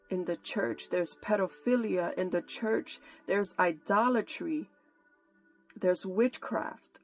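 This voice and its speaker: Female preacher, unhurried pleading delivery, gravelly tone, faint music bed. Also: on the low side. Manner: slow, fervent, pleading prayer. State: holding back tears. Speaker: prophetic preacher. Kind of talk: prayer and prophetic message.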